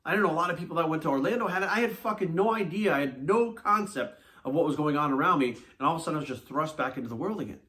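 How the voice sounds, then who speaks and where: A man, a fitness coach, telling a personal story in a blunt, animated way with a lot of swearing. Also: a little high, rapid-fire, few pauses. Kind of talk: casual monologue to camera.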